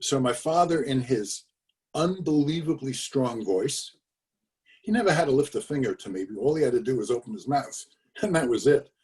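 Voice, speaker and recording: A man's voice: mid-range voice, expressive, moderate pace, a little mellow, far from the mic. An older man telling a family story in a conversational way, over a video call, with fillers and emphatic repetitions. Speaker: speaker telling his father's story.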